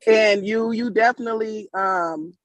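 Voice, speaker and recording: A woman's voice: mid-range voice, a little slow, no echo. A woman, calling in on a video call from work, giving an emotional, rambling thank-you. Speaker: caller. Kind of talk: casual testimony on a video call.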